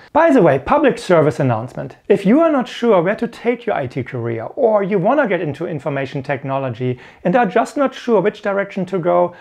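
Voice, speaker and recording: A man's voice: a little high, a little mellow. Earnest man coaching on IT careers. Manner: earnest, repeats key points. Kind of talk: instructional video talk.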